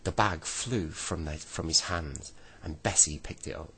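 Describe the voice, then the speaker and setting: A man reading a bedtime story aloud gently, now and then correcting himself. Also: extremely low pitch, measured pace, husky, low-quality recording.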